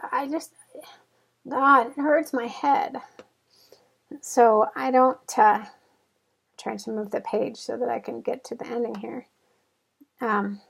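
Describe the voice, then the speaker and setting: A woman's voice: on the high side, fairly bright tone. Middle-aged woman musing aloud, troubled. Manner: thinking aloud, halting and troubled. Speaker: vlog host. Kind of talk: casual talk to camera.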